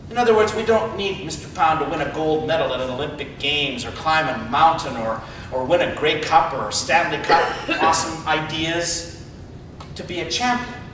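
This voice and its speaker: A man in his fifties delivers a humorous motivational speech, talking conversationally and often repeating his first words before a thought. His voice sits high for a man. It rings heavily through a large hall, picked up from a distance with a faint rumble behind it. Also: fairly bright tone. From Canada. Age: 50s. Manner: conversational, repeats words when starting sentences. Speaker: motivational speaker.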